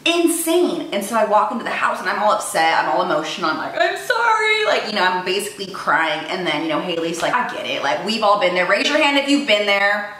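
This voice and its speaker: A woman's voice: medium pitch, expressive, fast talker, fairly bright tone. A woman in her twenties telling a story in a casual vlog in a chatty, self-mocking way. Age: 20s. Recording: echoey room with faint noise.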